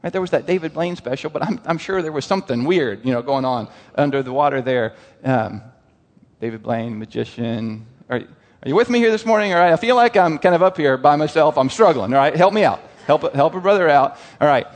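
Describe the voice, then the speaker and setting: A man delivers a sermon, animated and questioning his listeners. His voice sits a little high. The sound rings with a long hall reverb. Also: a little fast. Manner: animated, asks the crowd questions, lively quoted voices. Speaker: preacher.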